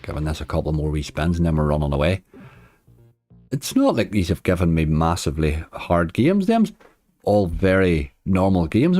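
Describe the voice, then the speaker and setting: A man's voice: sits low, very animated, normal speed, dark tone, dry recording. A man streaming slots, chatting casually and answering viewers' comments. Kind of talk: casual livestream chat.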